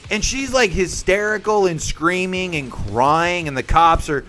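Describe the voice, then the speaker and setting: A young man hosting a live stream and telling a story to his viewers. His voice is high, bright and bouncy. He acts out the people in his story, and soft music plays in the background. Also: expressive, normal speed, hardly any pauses. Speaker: livestream host. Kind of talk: casual storytelling chat with viewers.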